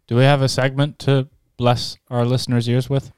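A young man co-hosting a podcast in casual chat, animated and quick to laugh. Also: medium pitch, clean tone, no echo, studio quality. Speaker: podcast co-host.

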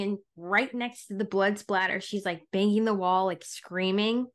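A woman co-hosting a podcast, recapping a TV episode in relaxed, agreeable back-and-forth. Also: mid-range voice, normal speed, hardly any pauses. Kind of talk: casual chat.

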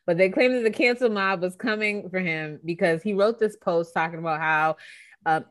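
A woman's voice: lowish voice, normal speed. A young adult woman co-hosting a podcast, gossiping animatedly with exclamations and many fillers. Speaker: podcast co-host. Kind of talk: casual chat.

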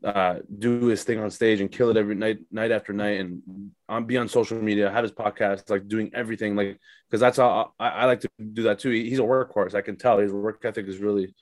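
A young man, a stand-up comedian appearing as a podcast guest, chats loosely and profanely, rambling with plenty of fillers and swearing. His voice sits fairly low, with a steady tone and a slightly fast pace. The recording has no echo.

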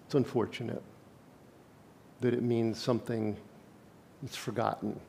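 A man's voice: medium pitch, little pitch movement, a little slow, gravelly, mellow, a little hiss or hum. A male pastor preaching a sermon in a conversational way, reading scripture and putting questions to his congregation.

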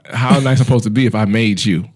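A man co-hosting a podcast, telling loud, profane comedic stories with put-on voices. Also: fairly low pitch, fast, breathy edge. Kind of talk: casual comedic chat.

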